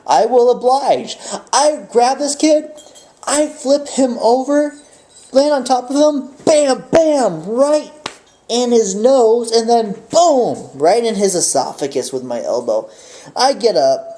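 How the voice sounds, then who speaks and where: Male vlogger, casual storyteller, lively dramatic delivery with a soft, dark tone. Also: very high voice, slow pace. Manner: animated, acts out the fight with sound effects.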